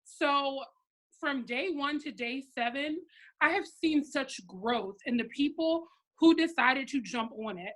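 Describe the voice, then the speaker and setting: A woman in her thirties giving a blunt, sassy and animated motivational pep talk to her sales team on a live stream. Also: high voice, measured pace. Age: 30s. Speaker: network marketing team leader.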